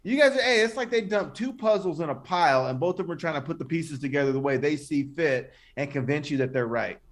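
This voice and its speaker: A man's voice: a little high, lively intonation, fast talker. A man co-hosting a podcast in a laid-back, joking way, calling people bro and swearing casually. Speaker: podcast co-host. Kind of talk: casual profane chat.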